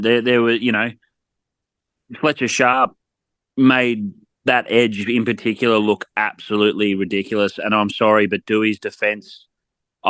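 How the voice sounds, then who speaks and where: A man's voice: lowish voice, a bit bright, dry recording. A man, a podcast guest talking sport bluntly and getting worked up, often repeating words. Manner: blunt, fired-up, repeats words when heated. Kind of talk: casual sports chat.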